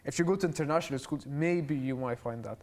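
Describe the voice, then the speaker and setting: Young egyptian guy, arabic speaker, talks super fast, kinda high voice. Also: darkish tone. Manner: quick, restarts words, laughs often. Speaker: podcast guest. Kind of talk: casual chat.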